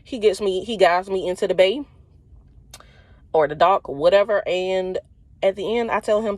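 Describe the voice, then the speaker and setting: A woman's voice: medium pitch, normal speed, pauses often, darkish tone, dry recording. A young woman truck driver, telling a story casually and animatedly, often laughing and quoting others.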